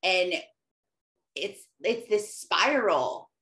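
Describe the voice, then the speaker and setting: A woman's voice: mid-range voice, animated, drawn-out words, a bit bright. A woman Christian life coach giving an emphatic, conversational motivational talk, often repeating phrases. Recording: roomy echo.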